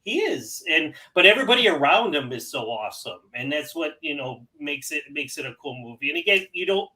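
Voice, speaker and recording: A man co-hosting a casual movie podcast talks in a bright, slightly high voice. He rambles with restarts and laughs often as he reviews a film. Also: sing-song, brisk, poor audio. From New Hampshire. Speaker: podcast co-host.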